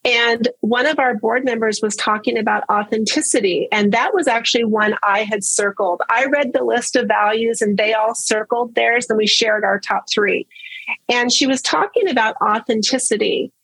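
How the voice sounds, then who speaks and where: A woman's voice: fairly high pitch, normal speed, fairly bright tone, slightly rough, dry recording, low-quality recording. A woman telling her personal story in casual conversation, earnest and open, often repeating words for emphasis. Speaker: guest sharing her story.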